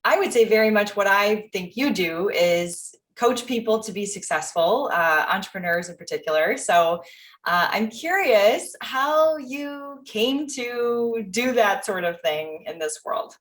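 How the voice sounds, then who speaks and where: A woman hosting a podcast, asking questions in a relaxed, conversational way with filler pauses. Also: mid-range voice. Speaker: podcast host. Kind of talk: casual interview chat.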